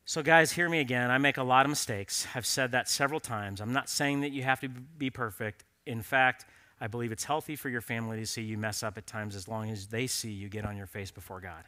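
A man's voice: mid-range voice, fairly quick, pushed and bright. A man preaching a sermon in an earnest, conversational storytelling way, appealing directly to men in the audience.

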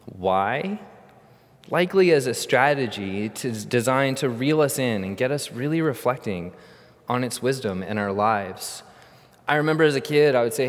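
A man's voice: medium pitch, lively intonation, moderate pace. A middle-aged man preaching a sermon, telling a funny childhood story with animation and then teaching earnestly. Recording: long reverb of a large hall.

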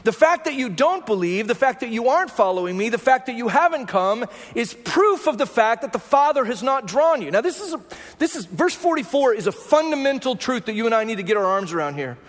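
A man's voice: extremely high pitch, very animated, a little fast, in a large hall. A man preaching a sermon as pastor, talking through the scripture in a conversational way and often checking in with the congregation. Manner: conversational preaching with rhetorical "right?" asides.

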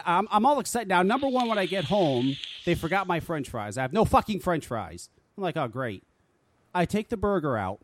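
A man's voice: high voice, no echo. A man hosting a talk radio show, ranting casually and swearing freely in an exasperated way.

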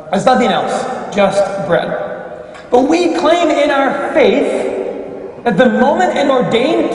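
High-voiced priest in a reverberant church. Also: male voice, a little mellow. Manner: emphatic, rhetorical questioning. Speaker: Catholic priest. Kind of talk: homily at Mass. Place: large church. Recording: echoey church hall from far off.

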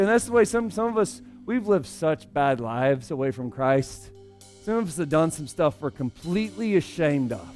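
High-voiced male pastor, casual sermon delivery, big dynamic swings, soft music underneath. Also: animated, normal speed. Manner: conversational, swings between loud emphasis and hushed asides.

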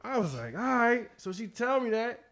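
A middle-aged man hosting a podcast, telling stories in a loose, profane, animated way with frequent laughter. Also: extremely high pitch, normal speed. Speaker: podcast host. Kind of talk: casual chat.

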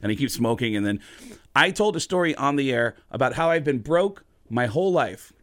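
A man and stand-up comedian telling a story in casual chat, jumping into high excited voices for quotes. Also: a little fast, no room sound, clean studio sound. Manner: animated, jumps into high excited voices when quoting people.

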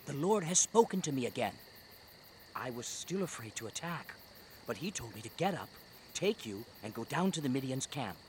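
An actor voicing a brave, devout biblical military leader in an animated Bible story, speaking with solemn earnestness. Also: male voice, medium pitch, normal speed, slight background noise, lightly acted. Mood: hushed earnest. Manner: solemn and earnest in quiet talk, rousing when commanding.

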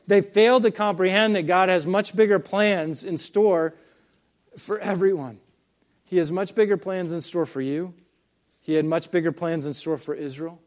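A man's voice: a little high, a little mellow. A man preaching a sermon conversationally, with frequent fillers and asides of "right?". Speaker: pastor.

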